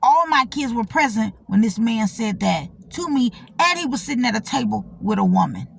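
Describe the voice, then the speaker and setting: A middle-aged woman hosts her own channel, telling a personal story in casual, blunt, profane talk, animated and repetitive, often checking in and talking back to her audience. Her voice is fairly high and husky with vocal fry, at a moderate pace.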